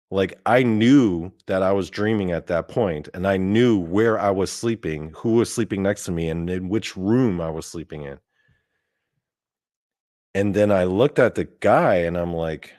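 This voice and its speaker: Man, podcast host, casual storytelling, rambling, profane, lowish voice, dry close recording. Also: darkish tone, no room sound. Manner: rambling, profane, full of fillers and restarts. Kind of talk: casual first-person storytelling.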